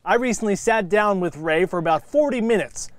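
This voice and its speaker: A man presenting a local sports broadcast, narrating in a clear, measured scripted style. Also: high voice, animated, no echo.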